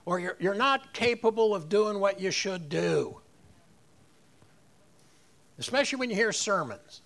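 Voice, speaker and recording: A man's voice: high voice, animated, unhurried, gravelly, fairly bright tone. A man preaching a sermon, rising on key phrases and leading the congregation in repeating lines. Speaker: pastor.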